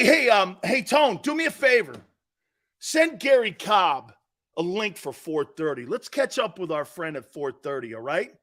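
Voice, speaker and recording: A middle-aged man with an East Coast American accent, hosting a sports talk show in brash, loud, joking banter. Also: a little high. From Northeastern United States. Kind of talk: casual live show banter.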